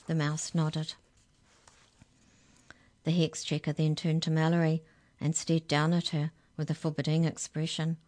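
A woman reading a children's story for radio, calm and measured. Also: sits low.

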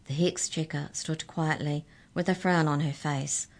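A woman reading a children's story aloud, with gentle, expressive narration. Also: deep voice, a little slow.

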